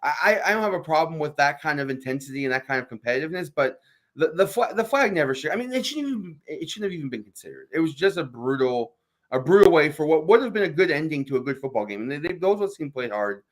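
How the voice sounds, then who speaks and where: A man co-hosting a sports radio show, talking in an animated, emphatic way with frequent restarts. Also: on the high side, fast. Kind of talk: casual sports talk.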